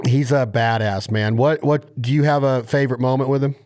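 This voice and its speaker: A man in a mid-pitched voice hosts a relaxed podcast conversation. He gets fired up as he tells stories and heaps praise on friends, and his delivery stays lively and animated. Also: fairly quick. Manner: enthusiastic, animated storyteller. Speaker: podcast host. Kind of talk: casual interview chat.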